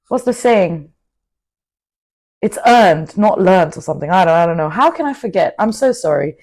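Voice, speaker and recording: A young woman giving an outspoken, animated motivational talk to camera, full of asides. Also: on the low side. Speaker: vlogger. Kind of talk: casual motivational monologue to camera.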